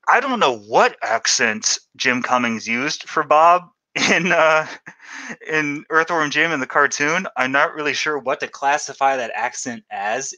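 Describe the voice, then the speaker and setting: A middle-aged man chatting casually during a live unboxing stream, rambling and reading the chat aloud with excited reactions. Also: medium pitch. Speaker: YouTube host doing a live unboxing.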